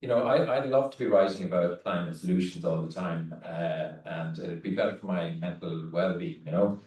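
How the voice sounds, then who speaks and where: A man with a very deep voice speaks on a panel, hesitating often. He sounds distant from the microphone. The room adds a roomy echo. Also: moderate pace, darkish tone. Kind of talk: panel discussion.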